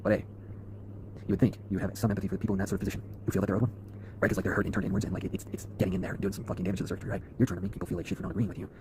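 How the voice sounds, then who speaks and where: Man, rapid intense rant to camera, preachy, swearing, low-ish voice, faint noise. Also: flat delivery. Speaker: online video creator.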